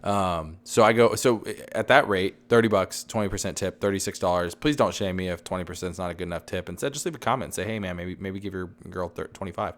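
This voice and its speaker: Deep-voiced dad podcaster with a fading voice. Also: male voice, fast talker, hardly any pauses. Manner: rambling, loud, says he is yelling and redlining. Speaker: podcast co-host. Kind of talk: casual chat.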